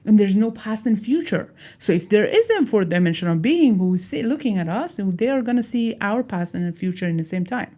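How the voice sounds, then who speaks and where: Animated woman explaining with a mellow voice. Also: medium pitch, brisk, hardly any pauses. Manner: animated, acts out little dialogues, laughs at herself. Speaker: teacher. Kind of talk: casual explanatory talk.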